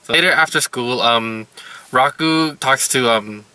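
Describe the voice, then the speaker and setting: A man recaps anime episodes in a loose, rambling way, with fillers all through his sentences. His voice is very bright and tense at an ordinary middle pitch. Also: measured pace, no echo. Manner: rambling, heavy use of "like" and "you know". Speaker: anime reviewer.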